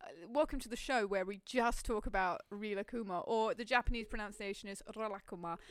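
A woman hosting a podcast from home on a boom-arm mic, rambling and giggly in casual chat. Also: a little fast, clean tone, no room sound, studio quality. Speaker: podcast host. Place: home room with pets.

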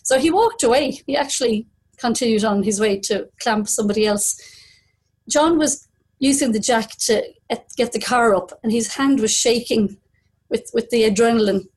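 A woman's voice: a little high, moderate pace, darkish tone, husky, rough recording. A middle-aged woman telling a true story at a live storytelling event, vivid and dramatic. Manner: vivid, dramatic retelling with acted quotes.

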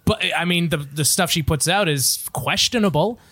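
A man hosting a podcast, chatting loosely, laughing often, cursing and halting with fillers. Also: on the high side, a bit bright. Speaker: podcast host. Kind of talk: casual podcast banter.

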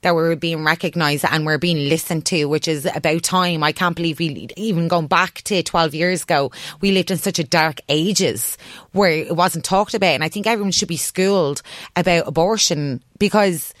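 A young Irish woman being interviewed on the radio, earnest and emotional, sometimes halting as she talks. Her voice sits a little low, and the recording is close and dry. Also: dry recording. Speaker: radio guest.

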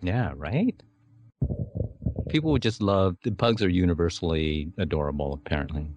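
A man's voice: sits low, moderate pace, a little mellow, dull audio, a little hiss or hum. A man co-hosting a casual podcast while watching a movie, laughing often and joking around. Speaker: podcast co-host.

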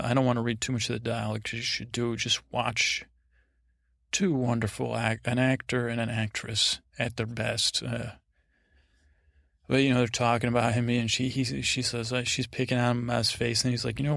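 A man's voice: medium pitch, creaky, a bit bright, no room sound, clean studio sound. A man hosting a podcast, giving a rambling, meandering sleep-aid recap of a TV episode. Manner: meandering, digressive retelling. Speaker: podcast host.

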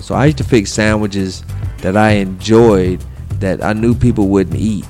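A man's voice: lowish voice, moderate pace, a little mellow, faint music behind. A man hosting a casual interview, telling stories in a loose, profane way. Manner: profane, laughing storyteller. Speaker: podcast host.

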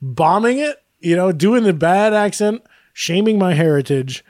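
Guy on a podcast, bit higher voice, dry close sound, rambles and laughs at himself. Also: animated, measured pace, darkish tone, dry recording. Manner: rambling, self-deprecating, laughs often. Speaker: podcast co-host. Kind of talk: casual chat.

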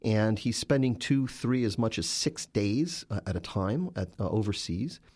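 A man's voice: fairly low pitch, expressive, measured pace, darkish tone. A man, a journalist and author, answering interview questions with emphatic, storytelling narration.

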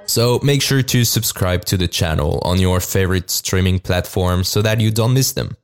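A man with a French accent, hosting a podcast and reading a scripted story in a measured way. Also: deep voice, clear, resonant tone, faint music behind. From France. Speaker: podcast host and author.

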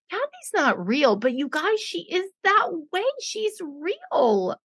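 A woman co-hosting a podcast, casually recapping a reality show in an animated, profane way, mimicking people and laughing often. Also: high-pitched, slow, few pauses, no room sound. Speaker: podcast co-host.

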